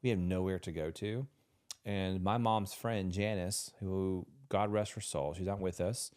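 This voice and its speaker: Male podcast co-host, lower register, earnest and emotional, casual delivery. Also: fairly even intonation, unhurried, a little mellow, clean tone. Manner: earnest, emotional storytelling with restarts.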